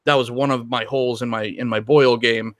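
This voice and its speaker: A podcast co-host rambles through a casual film discussion, full of restarts and ums. His medium-pitched voice is steady and brisk, and the recording is dry.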